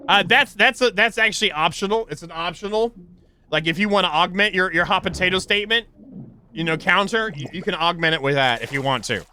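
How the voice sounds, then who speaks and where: A young man streaming a game live, rambling casually with stammering restarts and sudden high, excited yelps. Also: fairly quick, a little hiss or hum. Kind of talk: casual live gameplay commentary.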